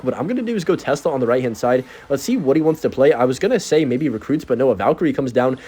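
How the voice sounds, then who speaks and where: A man's voice: mid-range voice, lively intonation, fast talker, hardly any pauses, dark tone, husky. A young man giving casual, joking commentary over his own gameplay, sarcastic and chatty as he narrates each move. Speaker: gaming content creator.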